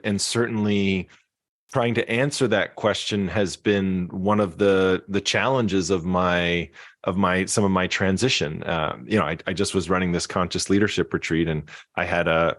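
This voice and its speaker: A man's voice: sits low, no echo, clean studio sound. A man, a musician and speaker, reflecting as a podcast guest, with many restarts and fillers. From Canada. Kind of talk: casual interview talk.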